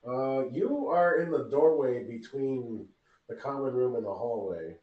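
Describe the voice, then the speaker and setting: A man guides his tabletop players at a relaxed, unhurried pace, restarting phrases as he goes. He sits back from the mic, so his voice carries the sound of the room around him. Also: mid-range voice, phone-quality sound. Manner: slow, halting narration with restarts. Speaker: game master. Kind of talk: narrating a tabletop game. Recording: roomy, distant mic.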